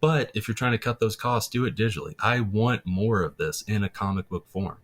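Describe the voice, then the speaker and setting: A man's voice: lowish voice, normal speed. A man talking as a podcast guest in casual, enthusiastic chat, rambling a little with restarts.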